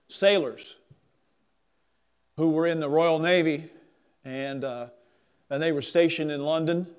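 A man's voice: fairly high pitch, a little mellow, clear, resonant tone. A man preaching a sermon as pastor, earnest and emphatic, his volume swelling and dropping.

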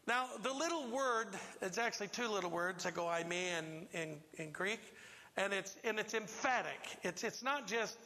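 A man's voice: sits high, expressive, normal speed, bright, forceful tone, long reverb tail. A man preaching a sermon to a congregation, emphatic and quizzing listeners with questions. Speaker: pastor. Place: church sanctuary.

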